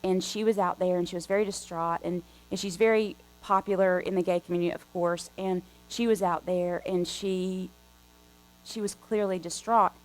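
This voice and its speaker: A woman guest preacher telling a story in a conversational, animated way from the pulpit. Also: lowish voice, normal speed, faint music behind, poor audio. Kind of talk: storytelling sermon. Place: church sanctuary.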